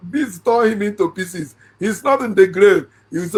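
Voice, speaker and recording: A man's voice: sits high, expressive, normal speed, few pauses, slightly rough. A middle-aged man with a Nigerian accent, giving a sarcastic, laughing monologue about a Bible passage. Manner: laughs often, sarcastic, rising into shouts. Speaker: online Bible commentator. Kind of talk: mocking monologue on scripture.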